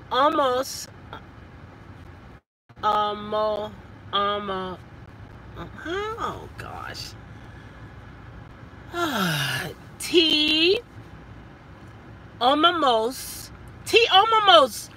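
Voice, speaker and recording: A woman, chatting casually as a vlogger in a car, animated and stumbling over her words. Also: high voice, rough recording. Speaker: vlogger and rideshare driver. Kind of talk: casual chat.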